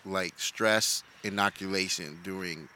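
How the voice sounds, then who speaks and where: A man's voice: low-pitched, a little slow, pushed and bright. A man, a rescue swimmer, chatting casually and joking with a group. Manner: joking, laughs easily.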